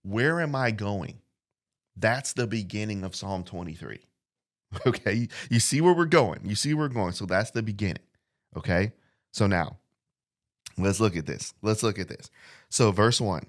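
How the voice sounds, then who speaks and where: Male podcast preacher, lowish voice, earnest and repetitive teaching. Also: expressive. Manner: repeats phrases, reflective and earnest, reads scripture slowly. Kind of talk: casual sermon. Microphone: studio mic.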